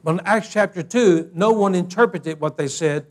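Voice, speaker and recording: A man delivers a sermon in a notably high voice. He tells a humorous story in a folksy, animated way and often repeats words as he builds toward the point. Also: normal speed. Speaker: preacher.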